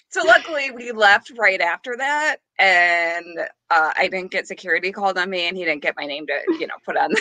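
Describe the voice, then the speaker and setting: A woman co-hosting a podcast, telling a story in a casual, animated way with frequent giggles. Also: mid-range voice, dry recording. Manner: animated, giggly, rising to squeals on punchlines. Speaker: podcast co-host.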